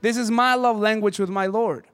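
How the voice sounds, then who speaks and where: A man's voice: sits high, fairly even intonation, moderate pace, fairly bright tone, clear, resonant tone. A man preaching a sermon as pastor, impassioned and conversational. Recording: hall reverb.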